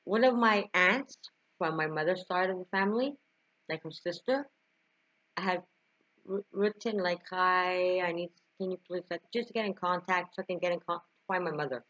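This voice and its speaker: A young woman speaks to her camera in a lowish voice, telling a deeply personal story with feeling. The recording is dull and lo-fi, like a simple home setup. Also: normal speed, a bit bright. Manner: emotional, tearful at times, frequent laughs and sighs. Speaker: vlogger.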